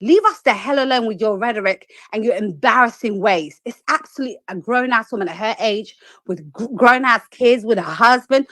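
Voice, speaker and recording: A woman's voice: mid-range voice, a bit bright, no room sound. A woman on a live stream delivering a heated, profane, confrontational rant.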